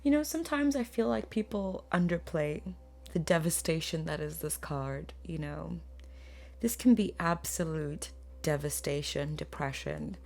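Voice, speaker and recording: A woman giving a spoken tarot reading to her viewers, earnest and emotional, often pausing to search for words. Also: sits low, lively intonation, vocal fry. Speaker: tarot reader.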